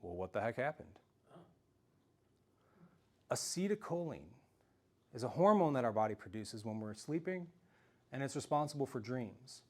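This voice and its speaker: A man telling a story in an animated, self-mocking way during a talk to a live audience. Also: medium pitch, normal speed, long pauses. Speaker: speaker giving a self-defense talk.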